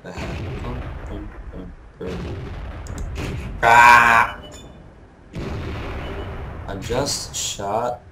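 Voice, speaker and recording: A man's voice: fairly low pitch, slow pace, few pauses, roomy sound, a little hiss or hum, rough recording. A young man giving rambling, teasing gameplay commentary with non-native phrasing. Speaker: gamer.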